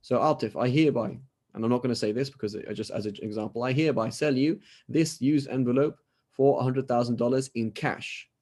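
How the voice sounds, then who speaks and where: In a brisk, medium-pitched, slightly mellow voice, a man with a British accent teaches a class over video call. He's an Islamic scholar giving a lecture, speaking conversationally, checking in with "right?" again and again, and acting out short dialogues.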